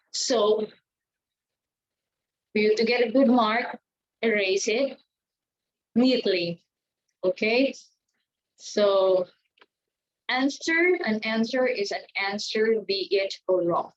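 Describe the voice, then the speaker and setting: Slow, deliberate woman teaching test tips. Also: medium pitch. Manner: slow, deliberate, checks in with "okay" and "right". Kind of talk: exam tips lesson. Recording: dull lo-fi sound.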